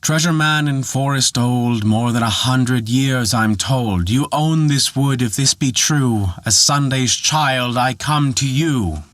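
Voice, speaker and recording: A man's voice: medium pitch, animated, normal speed, no echo, lightly acted. A man voicing an eager, discontented young charcoal burner who pleads for wishes. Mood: reciting.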